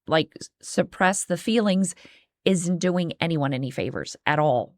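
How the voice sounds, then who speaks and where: Woman co-host, lowish voice, earnest and halting, dry recording. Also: animated, dry recording. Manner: earnest, halting, with restarts and fillers. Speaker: podcast co-host. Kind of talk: casual chat.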